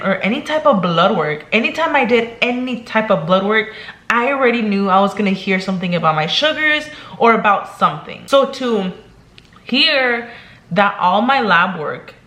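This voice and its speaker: A woman's voice: mid-range voice, fairly bright tone, echoey room. A young woman vlogging in casual chat, talking chattily and emotionally, filling her talk with "like" and "girl".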